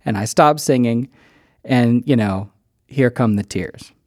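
A man preaching a sermon, telling a personal story with animated delivery and acting out quoted lines. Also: mid-range voice, unhurried, no echo, clean studio sound. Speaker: pastor.

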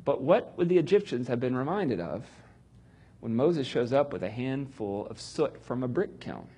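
Middle-aged male Bible teacher, husky, animated, acts out the quotes. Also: mid-range voice, moderate pace. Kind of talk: animated teaching on reading Scripture.

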